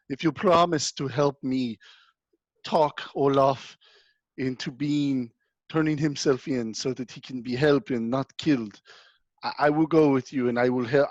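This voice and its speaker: A man voicing a remorseful, frightened village man who pleads in halting bursts, in a tabletop role-play. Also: medium pitch, no room sound, highs cut off, natural voice.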